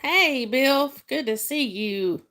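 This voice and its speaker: A woman's voice: high voice, lively intonation, takes it slowly, pushed and bright. A woman hosting a casual livestream, chatting with viewers, greeting them by name and laughing often. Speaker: livestream host.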